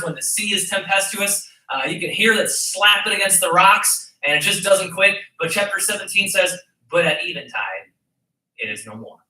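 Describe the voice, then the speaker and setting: An emphatic male pastor preaching, with a high, very bright voice that cuts through. He stands back from the mic in an echoey church sanctuary, so the room rings around his words. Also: recorded from a distance. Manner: emphatic, mocking put-on voices when quoting. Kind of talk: sermon.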